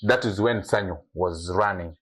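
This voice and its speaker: A man's voice: low voice, normal speed, a bit bright. A young man from Eastern Uganda, a guest actor telling stories in a casual podcast chat and acting out what others said. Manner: storytelling, acts out quotes, restarts often.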